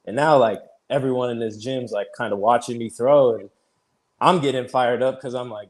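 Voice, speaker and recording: A man in his thirties, a pitcher guest on an interview show, telling his story casually, peppered with "like" and easy laughs. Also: fairly even intonation, moderate pace. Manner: chatty, fills speech with "like", retells conversations; laughs easily while telling stories.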